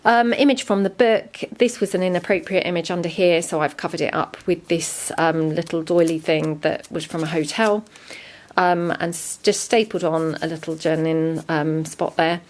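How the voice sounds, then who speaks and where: A woman casually walking through a handmade junk journal, chatty and relaxed with frequent ums. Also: fairly low pitch, normal speed. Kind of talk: casual show-and-tell narration.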